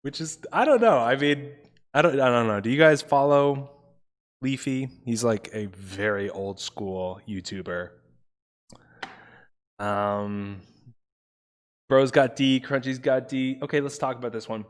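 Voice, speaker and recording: A man's voice: mid-range voice, measured pace, long pauses. A young man tutoring on a live study stream, casual and chatty, talking to his viewers as bros. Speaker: online tutor.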